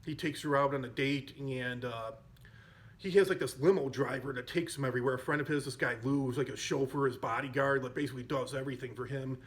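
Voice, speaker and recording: A man's voice: medium pitch, fairly even intonation, fast talker. A man hosting a podcast, casually retelling a comedy film with lots of fillers and self-corrections. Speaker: podcast host. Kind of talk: casual chat retelling a movie.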